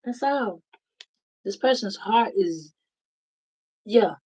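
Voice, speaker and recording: Reading tarot casually for her viewers, this woman is blunt, profane and emphatic, speaking straight to the audience. Her medium-pitched voice is husky and dark-toned, with lively intonation and a slow pace, though the audio is poor.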